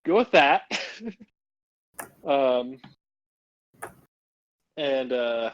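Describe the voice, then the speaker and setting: Lively, rambling tabletop player. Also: mid-range voice, very slow, highs cut off. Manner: rambling, laughing, many restarts. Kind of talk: casual chat.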